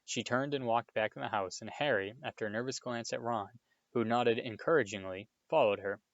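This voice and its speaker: A man narrating a children's story aloud, in a steady read-aloud manner, on a dull, lo-fi recording. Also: mid-range voice, brisk, no room sound. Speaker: audiobook reader.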